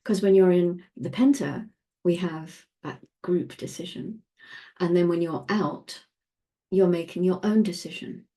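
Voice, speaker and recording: A woman with a low, mellow voice talks through a lesson in an easy, unhurried way. She laughs often and lets some phrases fall away into soft near-whispers. The tone stays casual and conversational throughout. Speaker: human design teacher. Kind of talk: casual teaching monologue.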